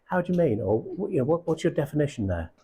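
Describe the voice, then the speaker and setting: A man's voice: on the high side, big pitch swings, fast, dark tone, a little hiss or hum. A middle-aged man coaching recruiters, blunt and casual, swearing freely and checking in with his audience. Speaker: sales coach. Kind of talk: live coaching session.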